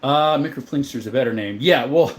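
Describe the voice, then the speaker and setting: A man's voice: medium pitch, brisk. Chatty man hosting a live chat. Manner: chatty, greets viewers by name. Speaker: livestream host reading chat. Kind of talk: casual live-chat talk.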